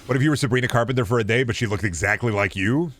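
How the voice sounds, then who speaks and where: A man's voice: mid-range voice, racing, a bit bright, soft background music. A man streaming a video game, chatting casually with viewers, joking, rambling and swearing now and then. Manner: answers chat questions while playing.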